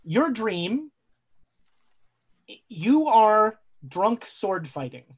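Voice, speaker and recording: A woman narrating a horror tabletop game as game master, slow and dramatic, with halting fillers as she searches for words. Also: mid-range voice, very animated, breathy edge.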